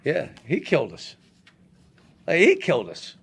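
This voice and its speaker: Older male head coach, gravelly, blunt and halting, speaking into a table mic at a post-game press conference. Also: fairly high pitch, wildly swooping pitch, a little hiss or hum. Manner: blunt, halting, frequent restarts.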